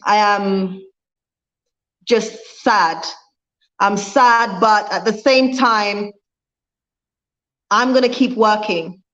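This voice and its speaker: Her voice is medium in pitch with a fairly bright tone, and the sound is lo-fi. A woman vlogger, she speaks passionately on a livestream and says things more than once to drive them home. She also reads viewer comments out loud.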